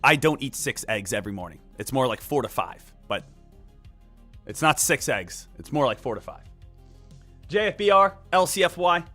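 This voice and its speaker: Bright-voiced emphatic man calling trades. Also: mid-range voice, normal speed, soft background music. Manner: energetic, emphatic and repetitive, joking. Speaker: day trading live streamer. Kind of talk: live market commentary.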